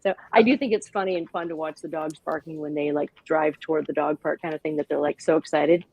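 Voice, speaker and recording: A woman being interviewed as the founder of a dog-park nonprofit, talking with animated enthusiasm and acting out little quoted voices. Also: low voice, quick pace, vocal fry, breathy edge, no room sound, rough recording.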